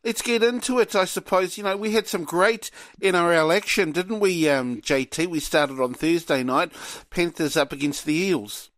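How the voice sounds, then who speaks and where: A man's voice: high voice, normal speed, hardly any pauses, fairly bright tone, no room sound. A man hosting a casual sports chat, with easygoing, sing-song introductions. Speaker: host.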